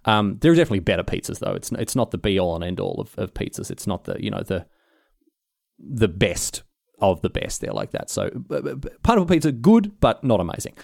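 A man's voice: on the low side, gravelly, darkish tone, no room sound, studio quality. An Australian man hosting a podcast, answering listener questions in a rambling, teasing casual chat. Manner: rambling, teasing, self-interrupting.

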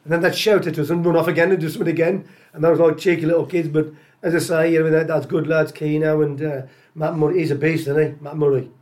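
A man's voice: on the high side, little pitch movement, fast talker, a little mellow. A middle-aged man from the English Midlands, chatting loosely as an interview guest and often repeating himself. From Tipton, England. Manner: chatty, rambling, repeats phrases. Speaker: guest, former footballer. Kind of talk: casual interview chat.

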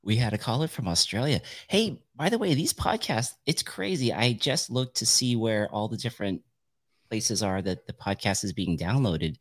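A man's voice: on the low side, very animated, normal speed. A man hosting a podcast in casual chat, upbeat and chatty, laughing often. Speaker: podcast host.

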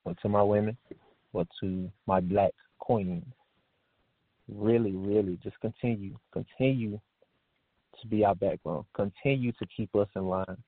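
Man, lowish voice, earnest repetitive tribute, dry phone-like audio. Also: steady tone, a little slow, dry recording. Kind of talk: heartfelt spoken tribute. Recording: tinny dry phone-like sound.

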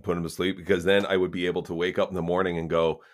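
A man with a low voice, chatting casually on a podcast. He tells wry, anecdotal stories, drifting from deadpan asides into animated retellings. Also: rapid-fire. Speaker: podcast co-host. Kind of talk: casual chat.

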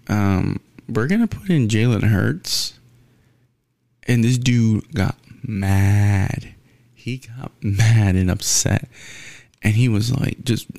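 A man's voice: a little mellow, no room sound, clean studio sound. A man giving a blunt, profane, rambling sports rant in casual talk, full of restarts. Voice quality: gravelly, low.

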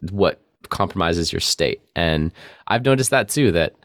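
A man's voice: low voice, lively intonation, unhurried, dry recording, clean studio sound. A man hosting a podcast interview, affirming his guest and asking prepared questions. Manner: affirming, encouraging, many fillers. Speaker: podcast host.

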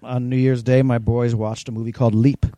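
A man's voice: medium pitch, flat delivery, brisk, mellow, no echo. A man co-hosting a podcast, dropping dry, teasing quips into casual chat. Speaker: podcast co-host.

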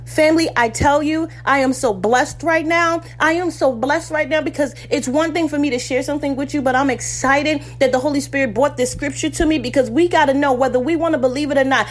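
A fervent woman delivers a sermon with a high, bright voice. She speaks personally to her listeners and acts out the voices of biblical figures as she tells the story. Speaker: preacher.

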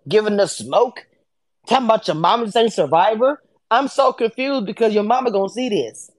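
A woman hosting a casual live audio chat about reality TV, animated and sassy. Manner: animated, sassy, acts out quotes with swings in pitch. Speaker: host of a reality TV discussion space.

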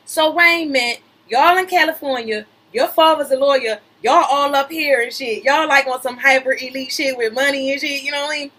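This young woman's gossip podcast has her reading celebrity news and riffing on it with slang and laughter, repeatedly cutting herself off with "wait a minute." Her high-pitched voice sounds pushed and bright, fairly quick with hardly any pauses, and the recording is low quality.

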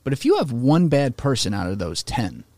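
A man talking in a casual podcast conversation, animated and opinionated, swearing freely and slipping into mocking voices for quotes. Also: medium pitch, moderate pace, no echo.

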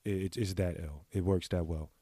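A man in a casual, candid monologue, talking straight to his viewers in blunt, profane slang and clearing his throat now and then. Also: low voice, steady tone, normal speed, warm tone, no echo. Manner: confessional, speaks to the audience directly. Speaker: vlogger giving sex advice.

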